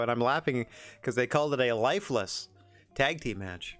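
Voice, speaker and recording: A man's voice: mid-range voice, lively intonation, a little fast, music in the background. A man streaming a wrestling management game, chatting casually in a rambling, self-deprecating way. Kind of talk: casual gameplay commentary.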